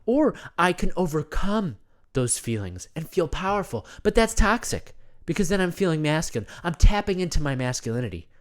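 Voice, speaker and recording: A man's voice: fairly high pitch, very animated, moderate pace. A man playing a rambling, self-absorbed self-care guru who talks about himself in the third person, in a comedy monologue. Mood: preachy. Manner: earnest, rambling, repeats himself.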